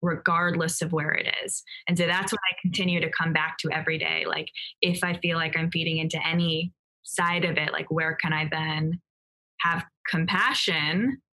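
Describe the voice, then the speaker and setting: Woman podcast guest, low pitch, bright tone; thoughtful, measured. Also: fairly even intonation, rough recording. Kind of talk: reflective podcast conversation.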